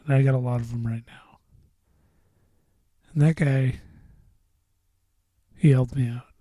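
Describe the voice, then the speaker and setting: A man rambles through a casual solo podcast, swearing freely and drifting into mumbles. His voice is deeply dark and mellow, and the sound is close and dry with no room around it. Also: steady tone, measured pace, no echo. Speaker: podcast host.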